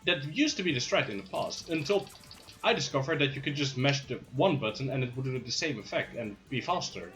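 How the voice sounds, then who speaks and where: A man's voice: mid-range voice, expressive, fairly quick, fairly bright tone, soft background music. A man commentating his own speedrun live, playful and hyped, with jokey asides.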